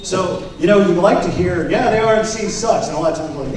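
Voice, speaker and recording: A man running for party office, giving an animated campaign speech to delegates and telling a story with quoted back-and-forth. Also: high voice, fairly quick, a faint crowd. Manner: animated, acts out quoted exchanges. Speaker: political candidate. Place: convention hall. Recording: very echoey hall, speaker far from mic, faint noise.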